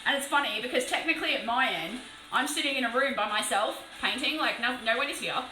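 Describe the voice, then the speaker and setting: A woman's voice: high-pitched, fast, pushed and bright, echoey room, faint music behind, low-quality recording. An Australian woman chatting casually on a live stream while painting, laughing often and swearing playfully. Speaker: livestreaming miniature painter. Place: room alone.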